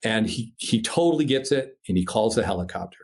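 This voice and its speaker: A man from Minnesota, a paraglider pilot and podcast guest, telling a story in a casual, animated way, swearing freely and imitating sounds. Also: fairly low pitch, a little fast, husky. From Minnesota, USA.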